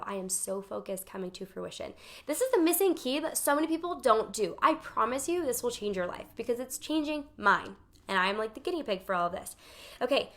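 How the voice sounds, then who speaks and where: Woman, life coach, casual talk to viewers, chatty, emphatic, slightly high voice. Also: fairly bright tone. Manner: chatty, emphatic, acts out her own inner voice. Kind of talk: casual talk to camera, live session.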